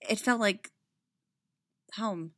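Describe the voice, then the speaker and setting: A woman reads a story aloud in a quiet, measured, soft-spoken voice at a middling pitch. The recording is dry and close, with no echo. Her narration moves at an even pace. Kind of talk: audiobook reading.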